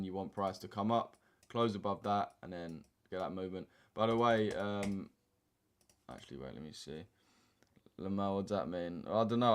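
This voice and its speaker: A young man talks through his trading charts in a relaxed live stream, full of slang and banter with his viewers. His voice sits a little low. Keyboard typing and clicks come through behind him. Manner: laid-back banter with slang, reading chat aloud. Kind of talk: casual live-stream chat over charts. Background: keyboard typing and mouse clicks.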